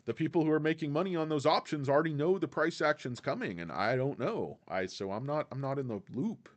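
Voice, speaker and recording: With a voice on the high side, expressive and brisk, a livestream host rambles casually while responding to chat. He sprinkles in "guys" and quotes movie lines in put-on voices.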